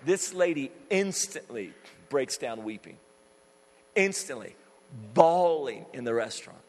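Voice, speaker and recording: A man's voice: medium pitch, animated, a little slow, a little mellow, slight background noise. A man preaching a sermon, telling stories fervently and emphatically, often repeating his phrases. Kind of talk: sermon with storytelling. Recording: long hall reverb.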